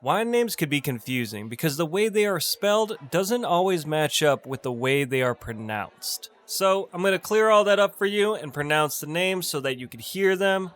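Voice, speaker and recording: A young adult man teaching a bartending lesson, slowly and deliberately over-enunciating each name and repeating it. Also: a little high, a bit bright. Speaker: bartending instructor. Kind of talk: tutorial, pronunciation drill.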